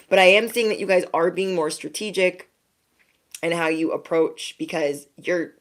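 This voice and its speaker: A woman giving a casual, chatty tarot reading to her viewers. She reassures them often and keeps checking in with "okay?". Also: sits low. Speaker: tarot reader.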